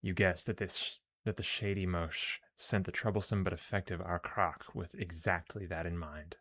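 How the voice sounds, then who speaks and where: Male streamer, very low voice, joking and profane, casual gameplay chat, reads story text aloud. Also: steady tone, normal speed, a bit bright. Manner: joking, profane, talks to himself. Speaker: game streamer.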